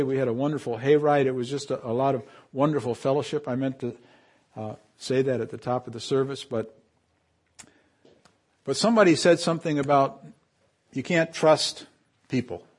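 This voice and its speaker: A man preaching a sermon to his congregation, building loud on key phrases, dropping to quiet asides and leading call and response. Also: mid-range voice, moderate pace, slightly rough. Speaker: pastor.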